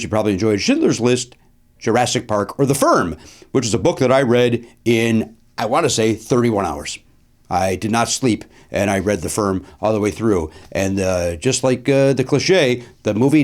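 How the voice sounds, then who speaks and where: A man's voice: medium pitch, lively intonation, normal speed. A middle-aged man hosting a comedic solo podcast from a studio, talking in a wry, self-deprecating way with rambling asides. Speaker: podcast host.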